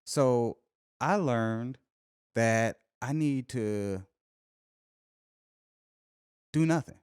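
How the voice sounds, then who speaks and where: A man's voice: mid-range voice, takes it slowly, darkish tone, smooth, no echo, studio quality. A man co-hosting a podcast, talking candidly and in a laid-back way in casual chat. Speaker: podcast co-host.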